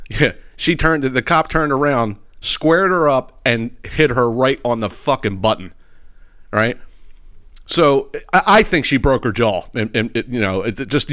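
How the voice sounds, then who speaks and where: A man's voice: medium pitch, a bit bright. A man hosting a podcast, telling stories in a casual, profane rant with lots of filler phrases and laughter at his own jokes. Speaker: podcast host. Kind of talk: casual ranting storytelling.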